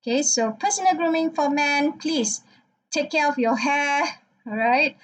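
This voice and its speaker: Her voice high and unhurried, a woman lecturer talks through her slides in non-native phrasing, repeatedly pausing to check in with "okay." The audio quality is poor.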